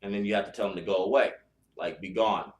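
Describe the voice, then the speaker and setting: A man's voice: fairly low pitch, quick pace, darkish tone. A man hosting a spiritual podcast, talking bluntly and profanely in a casual chat style, with lots of restarts. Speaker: podcast host. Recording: echoey room.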